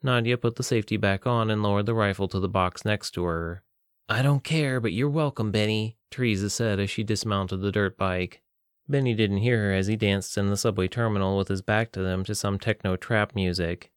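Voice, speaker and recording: A man narrating an audiobook in a steady, plain storytelling manner. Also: fairly low pitch, fairly quick, clean tone, no room sound, studio quality. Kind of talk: scripted narration.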